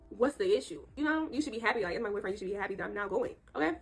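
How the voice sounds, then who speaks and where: A woman's voice: medium pitch, lively intonation, very fast, hardly any pauses, slightly rough. A young woman telling a casual storytime to her viewers. She sounds congested and a bit nasal from allergies, and she keeps checking in with her audience in a chatty, emphatic way. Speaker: storytime vlogger. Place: indoor room.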